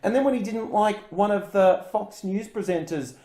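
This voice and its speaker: A man's voice: sits high, normal speed, dark tone. A man co-hosting a casual political chat, ranting bluntly and sarcastically. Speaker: podcast co-host. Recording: roomy echo.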